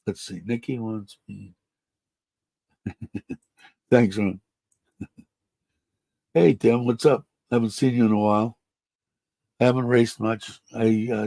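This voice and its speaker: Older male livestream host, deep mellow voice, profane rambling chat, dry sound. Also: no echo. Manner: rambling, blunt, profane, laughs often. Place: home in Thailand.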